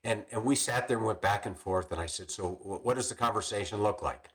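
An older man, a retired police captain, telling stories in a podcast interview with many restarts and frequent throat clearing. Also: fairly low pitch, brisk, fairly bright tone.

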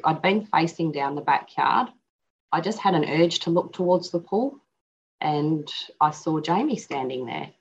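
A middle-aged woman telling a personal story as an interview guest, halting and reflective, with frequent restarts. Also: sits low, a little hiss or hum. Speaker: guest and author. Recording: dull lo-fi audio.

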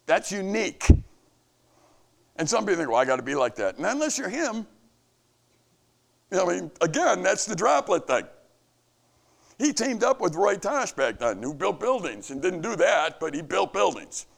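Gravelly earnest man preaching. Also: sing-song, moderate pace, long pauses. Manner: earnest, preaching, rises and falls in pitch. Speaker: camp leader. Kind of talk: devotional message to staff.

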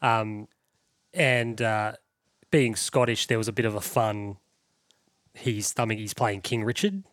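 A man's voice: fairly low pitch, fairly even intonation, unhurried, long pauses, fairly bright tone, no room sound, clean studio sound. A man hosting a podcast, chatting casually and enthusiastically about old films, swearing freely. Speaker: podcast host. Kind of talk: casual chat.

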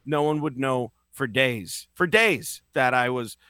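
In an easygoing podcast, the host recounts stories and performs other people's lines with lively flair. He speaks at an unhurried pace in a smooth, medium-pitched voice, with no echo.

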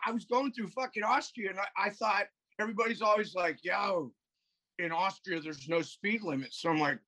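Husky profane storytelling man. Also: sits high, normal speed, pushed and bright, low-quality recording. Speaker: podcast guest. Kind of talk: casual chat. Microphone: video call.

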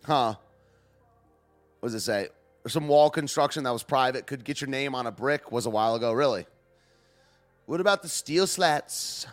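A man's voice: mid-range voice, normal speed, pauses often, faint music behind. A man hosting a show, rambling through news clips in loose, slangy casual commentary and laughing often. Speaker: show host.

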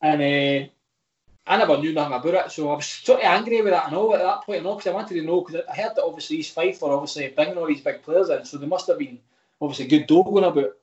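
A man's voice: fairly high pitch, quick pace, a little mellow, echoey room, dull audio. A Scottish man in his thirties, a footballer chatting frankly on a podcast with many restarts. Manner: rambling, frank, with lots of restarts. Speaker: footballer guest. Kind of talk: casual podcast chat.

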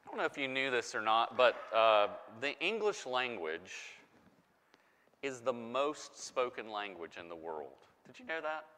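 A man preaching as a pastor, giving a sermon with animated, playful emphasis. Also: mid-range voice. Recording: long hall reverb.

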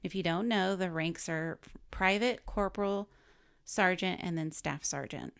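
Woman, podcast co-host, low voice, gravelly fry, chatty, reads from notes, casual talk. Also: a little slow. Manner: chatty, laughs often, explains as she goes. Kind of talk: casual chat, reading researched biography notes.

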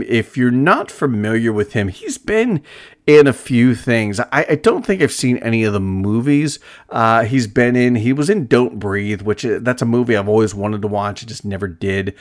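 Low-voiced man rambling through a film review. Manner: rambling, many restarts and chuckles. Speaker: film reviewer, shop host. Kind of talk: casual film review monologue.

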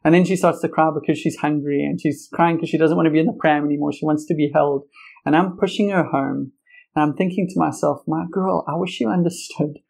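A man's voice: a little high, steady tone, fast talker, vocal fry, a little mellow, low-quality recording. A young man preaching an earnest, conversational sermon with personal stories. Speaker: pastor.

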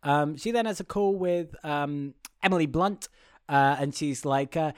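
A man's voice: fairly high pitch, unhurried, clear, resonant tone. Man with a raised voice, reviewing a film. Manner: rambling, restarts often, opinionated. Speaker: podcast co-host. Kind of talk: casual film review chat.

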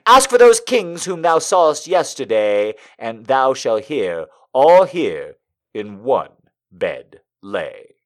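Brief: male poetry host, lively rise and fall, reads slowly then chats with frequent laughs. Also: medium pitch. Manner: laughs often, trails off into asides. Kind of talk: poetry reading and casual chat.

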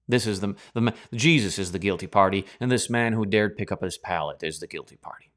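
A man preaching a Bible teaching sermon in a sarcastic, animated way, acting out reactions. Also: fairly low pitch, fairly quick, few pauses.

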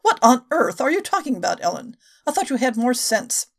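A woman's voice: a little high, big pitch swings, brisk, creaky, heavily acted. A woman reading the lines of a brusque, impatient middle-aged male doctor in a novel excerpt. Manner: blunt, impatient, reassuring.

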